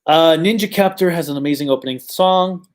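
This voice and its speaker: A man's voice: on the high side, a little fast. Chatty man rambling through a livestream Q&A. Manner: chatty, rambling, many ums and self-corrections. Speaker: channel host answering viewer questions. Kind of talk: casual livestream Q&A.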